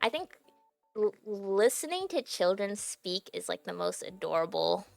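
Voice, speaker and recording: A young woman chats loosely to her stream, giggling often and leaning on "like" as she talks. Her mid-pitched voice carries a noticeable gravelly fry. The sound is dry and close, with faint music underneath. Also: big pitch swings, a little slow, dry recording. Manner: chatty and giggly, heavy use of "like" fillers. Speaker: livestreamer. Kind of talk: casual stream chat to viewers.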